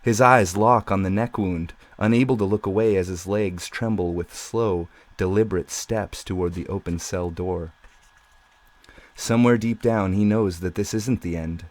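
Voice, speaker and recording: Man, audiobook narration, measured dramatic reading, low voice, dry close sound. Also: dry recording. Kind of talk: scripted novel narration.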